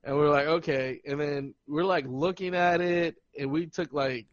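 A man's voice: fairly high pitch, moderate pace, lo-fi sound. A man telling a funny story in casual podcast chat, laughing and acting out what people said. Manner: animated, laughing, acts out quotes. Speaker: podcast host.

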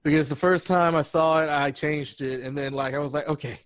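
A man co-hosting a podcast in casual chat, animated and laughing often, breaking into loud put-on voices. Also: a little high, brisk, dull audio. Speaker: podcast co-host.

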